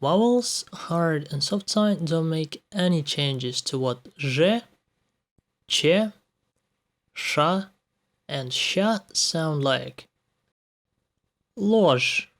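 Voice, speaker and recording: A man's voice: a little high, lively intonation, drawn-out words, fairly bright tone. A man with a Russian accent, a native Russian speaker, teaching pronunciation in a recorded lesson and carefully spelling out each example word. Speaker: language teacher.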